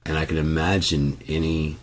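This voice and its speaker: A man's voice: extremely low pitch, flat delivery, moderate pace. A man hosting a music channel, talking loosely and profanely with many asides and restarts. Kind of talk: casual rambling talk to camera.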